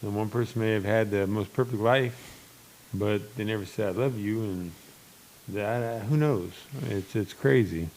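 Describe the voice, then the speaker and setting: Young male podcast host, low gravelly voice, rambling and blunt. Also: normal speed, a little mellow. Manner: rambling, many restarts and fillers; blunt and open. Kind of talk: casual chat.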